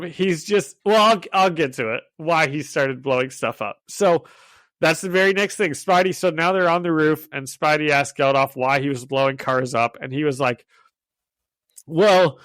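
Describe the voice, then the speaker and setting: A man hosting a podcast, recapping an episode in an animated way and laughing often as he retells it. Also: fairly high pitch, moderate pace, dry recording. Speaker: podcast host.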